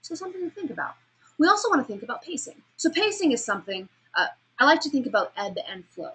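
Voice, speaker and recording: A woman lecturing a class on vocal delivery, asking students questions and demonstrating sounds, pace and pauses herself. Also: sits high, big pitch swings, bright, forceful tone, low-quality recording. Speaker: speech instructor.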